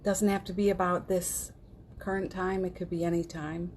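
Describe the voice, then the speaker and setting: A woman hosting a livestream, leading a guided healing practice in a gentle voice that repeats phrases softly and often sinks to a near whisper, with casual encouraging asides. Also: on the low side, little pitch movement, moderate pace, background noise. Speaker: host of a morning livestream.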